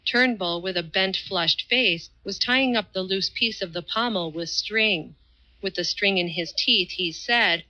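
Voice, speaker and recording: Bright-voiced woman reading an audiobook. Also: medium pitch, measured pace, lo-fi sound. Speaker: audiobook narrator. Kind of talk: scripted narration.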